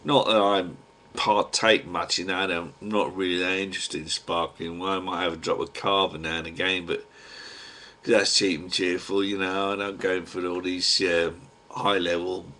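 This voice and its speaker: A man's voice: deep voice, little pitch movement, moderate pace, sharp tone. A man with a Cockney accent rambling to his webcam at home in a chatty, digressive way, full of slang and mild swearing. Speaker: webcam vlogger. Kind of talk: rambling casual monologue to a webcam.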